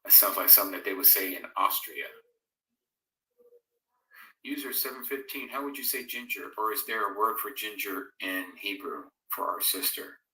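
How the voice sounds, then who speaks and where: A man's voice: fairly low pitch, normal speed, sharp tone, far from the mic. A man hosting a live-streamed Bible fellowship, chatting casually, reading out and answering viewers' comments, and reading scripture aloud. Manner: reads out viewers' comments and answers them conversationally. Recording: echoey room, voice away from the mic.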